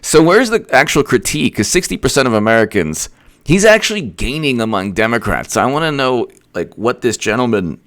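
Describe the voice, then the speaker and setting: A man talks through a casual political commentary, rambling and sarcastic, tripping over restarts as he goes. His voice moves up and down a lot and stays smooth and clear. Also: mid-range voice, big pitch swings, a little fast, fairly bright tone.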